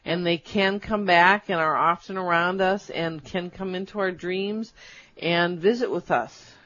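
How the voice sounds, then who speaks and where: A woman co-hosting a chat, speaking gently and encouragingly. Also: on the low side, a little slow, dull audio. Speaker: co-host. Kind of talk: casual chat.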